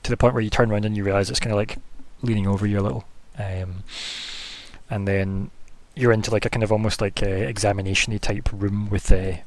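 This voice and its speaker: Rambling game master man. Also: fairly low pitch. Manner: rambling, full of fillers like "kinda" and "like". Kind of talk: narrating a tabletop game.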